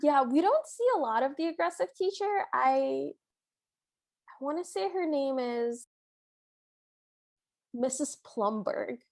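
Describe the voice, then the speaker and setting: Higher-voiced woman retelling a movie plot. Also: takes it slowly, creaky, long pauses, no room sound. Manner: animated retelling, briefly acting out characters' lines. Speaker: podcast co-host. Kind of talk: casual movie recap chat.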